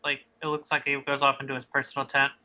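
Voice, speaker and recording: Bright-voiced male game master. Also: mid-range voice, dull audio. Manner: relaxed, halting narration with fillers. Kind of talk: narrating a tabletop game.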